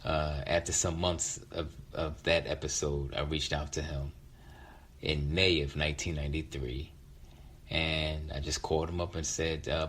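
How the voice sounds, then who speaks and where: A man telling a personal story in a reflective, halting way with many restarts. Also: extremely low pitch, flat delivery, fairly bright tone, a little hiss or hum. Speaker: featured storyteller.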